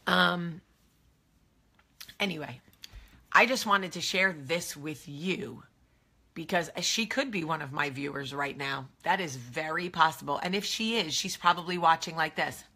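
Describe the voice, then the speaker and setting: Speaking a little slowly in a low, bright, forceful voice, a host with a New Jersey accent chats casually to the camera. She confides in her viewers and keeps drifting off into asides.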